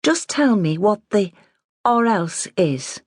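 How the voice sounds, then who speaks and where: A woman plays a sharp, defiant nineteen-year-old farm girl. Her voice rides higher than the narrator's own and snaps back with sarcasm, in a dry storybook reading. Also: very animated, takes it slowly, no echo.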